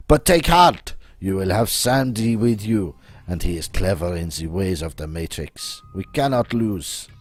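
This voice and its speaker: A man's voice: deep voice, lively intonation, unhurried, breathy edge, dry recording, voice pushed down, exaggerated voice. A man voicing a grand, scheming male hacker with a put-on French accent, who talks about himself in the third person.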